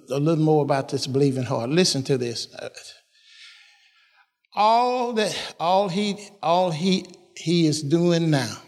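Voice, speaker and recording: A man preaching a sermon, repeating phrases and laughing as he drives points home. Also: on the high side. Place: church. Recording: long reverb of a church hall.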